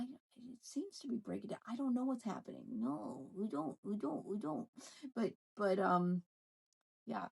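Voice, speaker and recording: Gossipy woman with a gravelly voice. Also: mid-range voice, poor audio. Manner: gossipy, animated back-and-forth banter. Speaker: ventriloquist. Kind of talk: casual reality-show recap chat.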